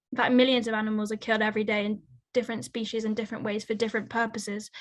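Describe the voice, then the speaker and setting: A woman's voice: fairly high pitch, a bit bright. Earnest young woman, level-voiced. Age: young adult. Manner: articulate, earnest, fluent. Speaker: guest, young conservationist and author. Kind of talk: conversational interview answers.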